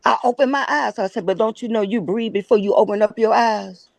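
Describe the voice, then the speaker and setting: A woman guest with a Chicago accent, telling a lively story and acting out the quoted dialogue. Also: mid-range voice, brisk, creaky, no room sound. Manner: animated, acts out quoted dialogue. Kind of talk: casual storytelling.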